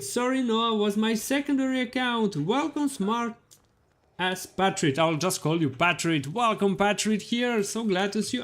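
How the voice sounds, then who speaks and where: A young man streaming a video game live, cheerfully greeting viewers and reading the chat aloud, laughing often. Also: high voice.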